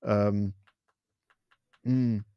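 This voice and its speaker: A man's voice: on the low side, drawn-out words, clear, resonant tone, dry recording, lo-fi sound. Englishman, dry close sound. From England. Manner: thoughtful, animated storyteller. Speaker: podcast guest. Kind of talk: casual interview chat.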